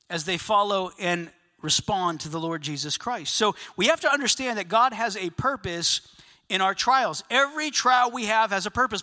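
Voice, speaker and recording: High bright-voiced guy preaching, chatty storytelling, lots of asking the crowd, big echoey hall. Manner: animated storytelling with asides to the congregation. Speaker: pastor. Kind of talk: sermon. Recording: long reverb of a large hall.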